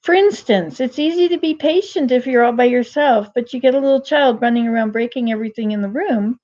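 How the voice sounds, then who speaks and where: An older woman talks to her viewers in a folksy live-stream monologue, wandering from one thought to the next and restarting her sentences often. Her voice sits a little high. The webcam audio is dull and muffled. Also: fairly quick, dark tone. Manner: rambling, digressive, many restarts. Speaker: vlogger.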